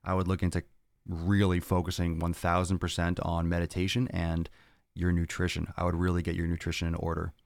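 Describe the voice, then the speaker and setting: A man's voice: low voice, completely flat delivery, a little fast, gravelly, no room sound, clean studio sound. A man hosting a fitness podcast, answering viewer questions in a blunt, profane, ranting way.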